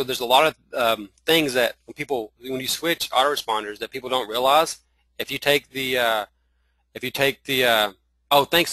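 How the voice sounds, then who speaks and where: A man with a Southern accent teaching a live screen-share webinar, talking in halting runs full of restarts and fillers. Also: medium pitch, pushed and bright, dry recording, rough recording. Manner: halting, many restarts and fillers, addresses viewers as y'all. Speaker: online marketing trainer.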